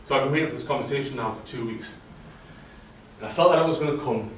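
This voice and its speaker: Speaking quickly in a mid-range voice, a man recounts his own story to a live crowd, chatty and poking fun at himself. There's slight background noise, and the far-off mic captures a very reverberant room with faint ambience.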